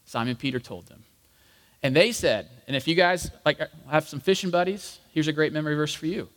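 A man with a fairly high voice preaching a relaxed, jokey sermon. He talks to the congregation like old friends and acts out the quoted voices. A long reverb trails his words around the hall. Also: brisk. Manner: casual, jokey, addresses the congregation as guys. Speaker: pastor. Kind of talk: conversational sermon.

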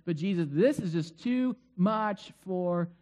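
Guy putting on grumbly fed-up followers walking out, whiny, highish voice. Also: slow pace, darkish tone. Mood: exasperated. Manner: exasperated, complaining. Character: fed-up departing male followers.

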